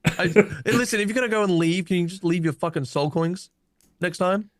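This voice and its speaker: A man's voice: high-pitched, a little fast, dry recording, clean studio sound. A man playing a tabletop game, casual, joking and swearing. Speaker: player.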